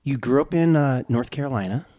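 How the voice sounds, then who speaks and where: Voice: mid-range voice, fairly quick, warm tone. A host in their forties running a casual interview, chatty and self-deprecating. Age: 40s. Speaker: podcast host.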